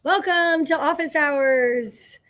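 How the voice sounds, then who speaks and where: A high-pitched woman from Indiana chats easily on a live stream, greeting viewers by name. She is effusive and informal, talking as a company president hosting her weekly question-and-answer hour. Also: slow, a bit bright. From Indiana, USA. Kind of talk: casual live-stream chat.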